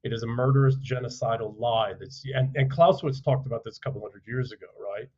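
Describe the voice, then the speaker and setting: A man speaking as a podcast guest, telling stories bluntly and forcefully, with profanity and rhetorical questions. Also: mid-range voice, fast talker, slightly rough, muffled recording. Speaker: podcast guest, author and former soldier. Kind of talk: forceful conversational storytelling.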